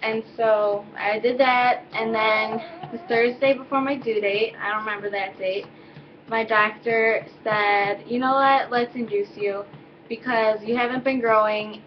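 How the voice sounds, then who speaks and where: A woman's voice: on the high side, muffled recording, slight background noise. A teenage girl telling a personal story in a loose, rambling way, full of fillers and self-corrections, recorded at home. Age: teens. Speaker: vlogger. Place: home, indoors with baby.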